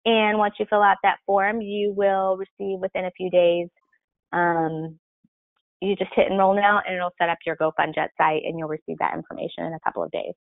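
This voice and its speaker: A woman's voice: on the low side, steady tone, brisk, no room sound. Helpful woman presenter on a tinny line. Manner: clear, helpful, explanatory. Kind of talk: webinar Q&A explanation. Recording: tinny phone-line sound, dry.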